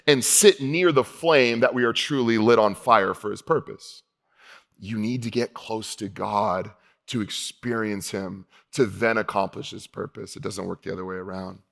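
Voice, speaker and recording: In a church hall, a male pastor preaches a sermon casually and conversationally. He slows down for emphasis and drops low and quiet on key points.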